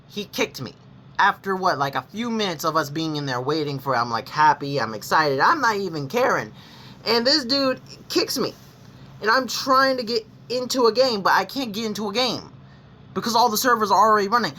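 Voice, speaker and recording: Young adult vlogger, rambling confessional storytelling, animated swinging pitch, bright tone, faint noise behind. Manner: rambling, with frequent restarts and self-corrections; blunt and confessional, with casual swearing. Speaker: gaming vlogger. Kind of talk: candid personal storytelling to camera.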